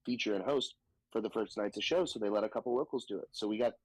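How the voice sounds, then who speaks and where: A man from the Southern United States, a stand-up comedian telling stories in a casual podcast chat, animated and profane, slipping into quoted voices. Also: on the low side, fast talker, no echo, low-quality recording.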